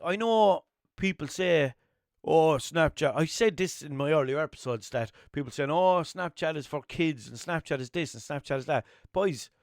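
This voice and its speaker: A man's voice: high-pitched, no room sound, studio quality. A young man from Limerick with an Irish accent, talking in a rambling, swearing, self-mocking way as a podcast host. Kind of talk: casual solo monologue.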